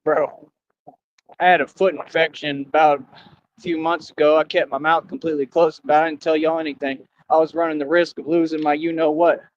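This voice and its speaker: A defiant man rants on a livestream. He preaches and scolds, swinging from shouts to low brooding. The audio is dry and dull, with a lo-fi stream sound. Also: level tone, fairly quick, no room sound. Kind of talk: impassioned streamed rant.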